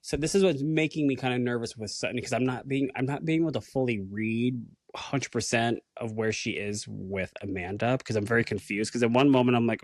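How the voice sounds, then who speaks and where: A man co-hosting a podcast, talking casually in an animated, musing way with the odd swear. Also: medium pitch, moderate pace, no echo. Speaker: podcast co-host.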